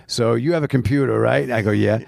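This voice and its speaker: A man telling a long story as a podcast guest, animated and full of restarts, recorded in a studio late at night. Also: mid-range voice, brisk, creaky, no room sound. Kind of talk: casual storytelling.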